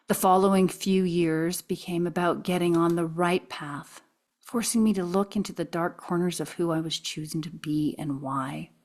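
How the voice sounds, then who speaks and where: A woman reading aloud from her own memoir, expressive, sometimes dropping into soft whispers. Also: fairly low pitch. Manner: expressive, drops to soft whispers at quiet moments.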